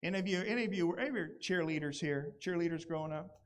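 A man preaching a sermon to his congregation, animated and playful, sometimes putting on voices when quoting. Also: a little high, fast talker. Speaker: pastor. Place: church gathering outdoors.

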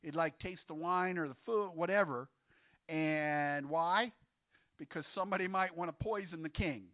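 A male pastor with a slightly high voice preaches at a normal pace, keeping the sermon conversational by quizzing the congregation with questions. There's no room sound, and the audio is dull and lo-fi.

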